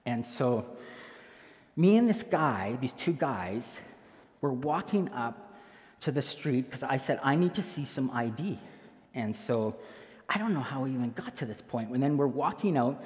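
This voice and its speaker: A man's voice: medium pitch, animated, normal speed, long reverb tail. A man, a pastor, telling a story in a sermon and acting out the voices of the people in it.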